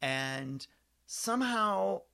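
A man's voice: sits high, expressive, very slow, creaky, bright, forceful tone. A man in his forties in casual chat, animatedly telling an anecdote and acting out the voices of the people in it. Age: 40s.

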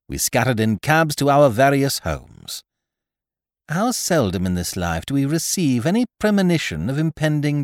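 Brief: male narrator, lively wry storytelling, slightly low voice, dry close sound. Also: dry recording. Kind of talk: scripted audiobook narration.

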